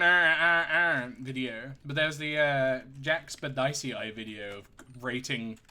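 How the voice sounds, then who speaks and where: A man's voice: medium pitch, bright, forceful tone, a little hiss or hum. A man streaming a game, chatting casually, joking, swearing and laughing often. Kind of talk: casual gaming commentary.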